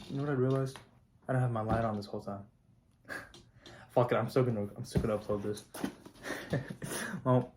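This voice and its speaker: A teenage high school student talking casually to camera, swearing often and getting fired up, with lots of filler words. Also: male voice, noisy background. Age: teens. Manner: profane, hyped, heavy "like" and "not gonna lie". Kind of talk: casual vlog monologue.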